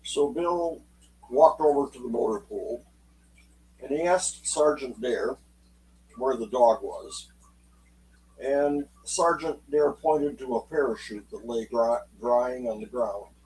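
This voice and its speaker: A man telling a true story aloud in an unhurried, folksy way, voicing the people in it as he goes. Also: mid-range voice, a little mellow, distant mic, a little hiss or hum, poor audio. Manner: unhurried, folksy, acts out quotes in dialogue. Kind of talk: spoken oral storytelling.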